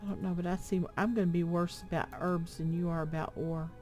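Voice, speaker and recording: A woman's voice: fairly low pitch, fairly even intonation, a little fast, music in the background. An older woman chatting casually while playing a game with her husband, often reading quest text aloud. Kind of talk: casual gameplay chat.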